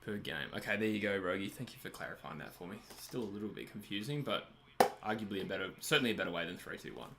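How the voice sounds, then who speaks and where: A man's voice: fairly low pitch, fast talker, creaky, noisy background. An Australian man hosting a live stream, chatting casually while watching a match, laughing often and answering viewers' comments. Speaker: livestream host.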